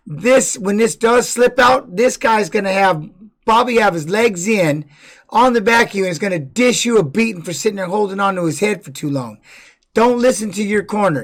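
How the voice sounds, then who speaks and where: A man's voice: high voice, a bit bright. A man giving casual live-stream commentary on fight videos, blunt and profane, repeating words for emphasis.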